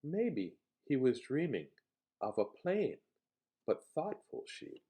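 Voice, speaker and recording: Man, storybook reader, playful asides, slow unhurried pace, animated pitch. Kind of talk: reading a picture book aloud.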